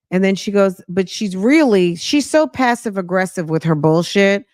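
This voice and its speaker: A woman's voice: medium pitch, expressive, moderate pace, few pauses, a little mellow, smooth, dry recording, studio quality. A woman hosting a reaction commentary stream, chatty and sassy, addressing viewers as sis.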